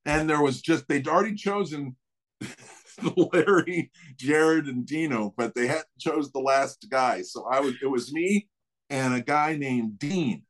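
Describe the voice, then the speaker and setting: Middle-aged man telling a lively anecdote. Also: on the high side, a little slow. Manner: animated, acts out others' voices, laughs often. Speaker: guest storyteller. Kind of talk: casual anecdote in conversation.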